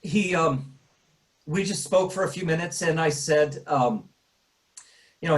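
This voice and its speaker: A middle-aged man, a grieving father, speaking in a halting way with many pauses and restarts, choked up and tearful at times. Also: a little high, rough recording. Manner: halting, full of fillers and restarts. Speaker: bereaved father. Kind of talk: emotional personal interview.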